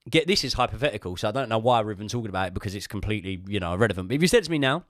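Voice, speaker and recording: A man's voice: fairly low pitch, very animated, fast talker, a bit bright, no echo, clean studio sound. A man hosting a podcast, chatting casually about football, opinionated and swearing freely with rambling asides. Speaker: podcast host. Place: podcast room.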